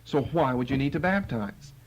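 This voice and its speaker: A man's voice: mid-range voice, moderate pace, dull audio. A man teaching the Bible verse by verse, acting out the quotes with sarcasm. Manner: animated, acts out quotes with sarcasm.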